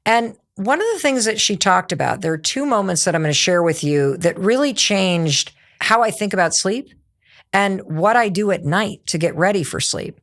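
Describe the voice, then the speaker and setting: A woman's voice: mid-range voice, normal speed. A woman hosting a podcast, talking with energy and acting out quoted lines. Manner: animated, acts out quoted lines. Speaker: podcast host.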